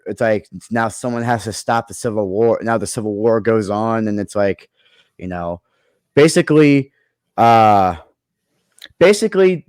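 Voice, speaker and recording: A man's voice: mid-range voice, dry recording. A man in a casual chat who rambles through his movie ideas, with many restarts along the way. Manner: rambling, full of fillers and restarts. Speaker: creator pitching movie ideas.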